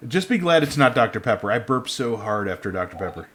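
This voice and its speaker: A man's voice: lowish voice, sing-song, quick pace, a bit bright. A man in his thirties co-hosting a casual podcast, rambling and correcting himself, laughing often. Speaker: podcast co-host.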